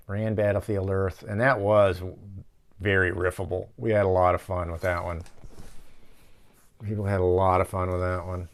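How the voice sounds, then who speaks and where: Broadcasting from his office, this male host riffs on movies in a fairly low, clean-toned voice, ranting profanely and rambling as he goes.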